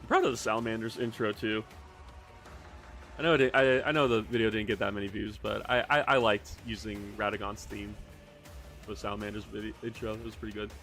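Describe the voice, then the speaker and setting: A man talking loosely on a livestream, wandering from thought to thought and cursing casually. His voice sits a little low. Faint music plays in the background. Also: fairly even intonation, brisk, fairly bright tone. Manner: rambling, swears casually, reads chat aloud. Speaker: streamer. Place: home hobby room.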